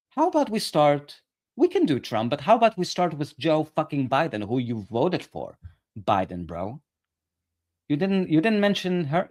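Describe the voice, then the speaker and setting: Male political commentator ranting on camera, sarcastic and profane. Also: on the high side.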